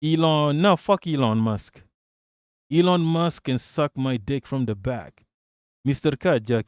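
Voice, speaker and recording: A male live streamer with a somewhat high voice rants at his chat in a loose, rambling, profane flow. He is blunt and laughs often between remarks. The sound is dry and close, with little room around it. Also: clear, resonant tone, dry recording. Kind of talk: live-stream political commentary.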